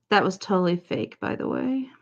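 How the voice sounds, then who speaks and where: A woman streamer chats with her viewers in a slow, unhurried way, her fairly high voice swinging up and down as she teases them. The stream audio sounds dull and lo-fi. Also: gravelly. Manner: playful, teasing, answering chat. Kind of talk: casual chat while painting on a livestream.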